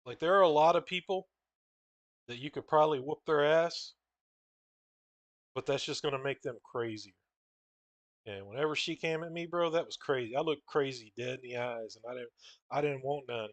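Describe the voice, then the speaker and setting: A man's voice: medium pitch, normal speed, pauses often, no echo. Profane rambling guy, dry sound. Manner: rambling, profane, says "bro" and "dude" a lot. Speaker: comic artist drawing on stream. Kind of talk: casual storytelling while drawing.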